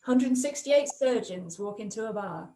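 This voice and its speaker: A woman's voice: mid-range voice, expressive, measured pace, mellow, slight background noise, rough recording. A woman hosting an improv game, announcing each round and cheering the players.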